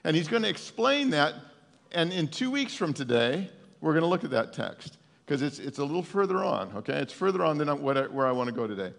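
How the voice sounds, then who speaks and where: Gravelly folksy preacher man, reverberant hall. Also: fairly high pitch, sing-song, brisk. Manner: folksy, emphatic, stumbles and repeats words. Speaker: pastor. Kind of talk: conversational sermon.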